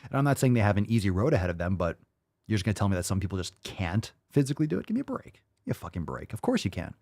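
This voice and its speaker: A podcast host giving blunt, mocking reaction commentary, often profane. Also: male voice, low-pitched, big pitch swings, very fast, darkish tone, dry recording, studio quality.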